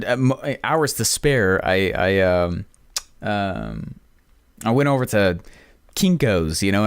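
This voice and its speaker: A man hosting a podcast, telling a casual, rambling story full of fillers and excited asides. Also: medium pitch, no room sound. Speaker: podcast host.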